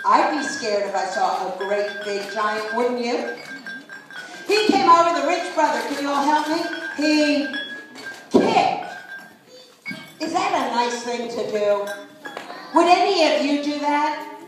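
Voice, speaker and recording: A woman storyteller telling a folk tale live, animated and coaxing listeners to join in. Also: high-pitched, slow, pauses often. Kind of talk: live participatory storytelling for children. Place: live performance space. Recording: echoey live room, far mic, instrument music.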